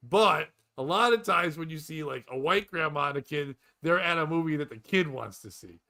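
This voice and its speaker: Podcast host, male, a bright tone that sits slightly high, loose rambling storytelling with casual swearing. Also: expressive, moderate pace.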